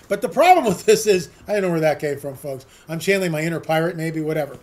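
A man with a notably high-pitched voice delivers a solo political commentary monologue. He rambles from point to point, leans on sarcastic rhetorical questions and repeats words for emphasis. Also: animated, fast, few pauses.

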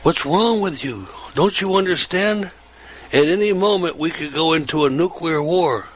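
An older man voicing a quiet teenage boy who suddenly panics and shouts in alarm. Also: a little high, normal speed, pitched above the performer's own voice, natural voice, poor audio. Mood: panicked.

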